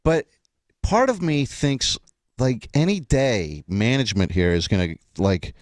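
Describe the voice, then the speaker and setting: A man's voice: mid-range voice, unhurried, dry recording. Chatty male radio host, dry studio sound. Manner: chatty, self-deprecating, animated. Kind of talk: casual radio interview.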